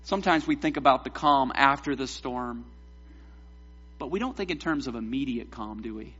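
A man preaching a sermon as pastor, animated, with joking asides to the congregation. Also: medium pitch, normal speed, breathy edge, dull audio, faint music behind.

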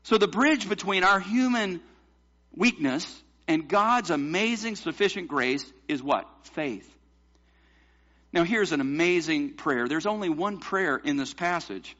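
Male pastor, emphatic sermon delivery, slightly high bright voice, muffled lo-fi recording. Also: lively intonation, a little slow. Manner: emphatic preaching, rhetorical questions to the congregation.

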